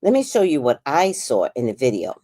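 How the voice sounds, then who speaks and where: A woman with a New York accent talks through a livestream in a low, husky-bottomed voice that swoops up and down with lively intonation. She is outspoken and swears freely, addressing viewers directly. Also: fairly quick, slight background noise. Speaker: livestream commentator. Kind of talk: casual livestream commentary.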